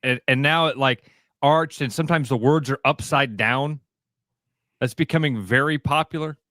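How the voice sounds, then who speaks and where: A middle-aged man co-hosting a sports talk radio show, telling animated stories and laughing easily. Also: medium pitch, moderate pace, dry recording, clean studio sound. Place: radio studio.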